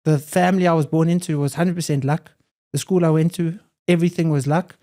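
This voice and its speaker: A man's voice: a little high, fairly even intonation, fairly quick, mellow. A young adult man, a podcast guest, talking in an earnest, reflective way and often repeating phrases. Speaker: podcast guest, hybrid athlete. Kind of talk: casual conversation.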